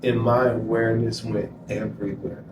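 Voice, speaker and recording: A man's voice: on the low side, flat delivery, normal speed. A man as an interview guest, telling a personal story emphatically and quoting himself. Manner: emphatic, repeats phrases, quotes himself. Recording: echoey room, distant mic, noisy.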